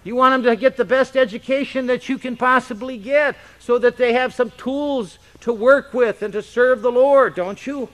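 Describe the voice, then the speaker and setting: A man's voice: very high voice, normal speed, hardly any pauses, a bit bright. A male pastor teaching a Bible passage in a conversational sermon, often checking in with rhetorical questions.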